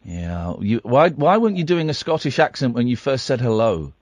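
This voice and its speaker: A man's voice: medium pitch, sing-song, moderate pace, darkish tone, no room sound. A man hosting a comic phone-in radio show, rambling and teasing his callers with sarcasm.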